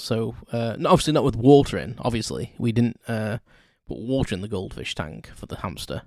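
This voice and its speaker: A man's voice: fairly low pitch, lively intonation, normal speed, vocal fry, few pauses, darkish tone, dry recording, studio quality. A man hosting a solo podcast, telling childhood stories in a rambling, self-correcting way with chuckles. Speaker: podcast host. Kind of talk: casual solo storytelling.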